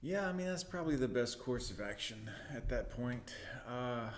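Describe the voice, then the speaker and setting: A man's voice: medium pitch, expressive, normal speed, a little hiss or hum. Laid-back man in an echoey room. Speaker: host reacting to clips. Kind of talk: casual reaction commentary.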